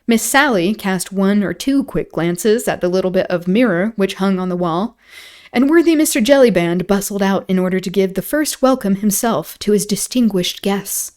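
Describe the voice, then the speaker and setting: A woman reads a novel aloud at an even, mid-range pitch, dropping into wry, mocking asides. Her reading is casual and unpolished. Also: moderate pace. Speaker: streamer reading a book aloud.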